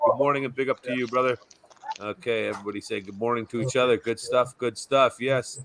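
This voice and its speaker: A man's voice: medium pitch, fairly even intonation, fast, a bit bright, a little hiss or hum. A man in his forties hosting a casual live stream, chatting and greeting viewers by name.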